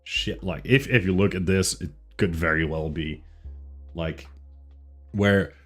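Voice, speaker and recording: A man's voice: low voice, a little slow, husky, soft background music. A man from Flanders, chatting casually on a livestream in a rambling, self-mocking way. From Flanders, Belgium. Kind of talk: casual chat.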